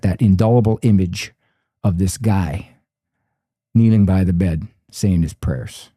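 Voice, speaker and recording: Older man, mellow animated storyteller. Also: lowish voice, no echo, clean studio sound. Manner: animated storyteller who acts out quoted voices. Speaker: guest psychologist. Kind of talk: conversational interview.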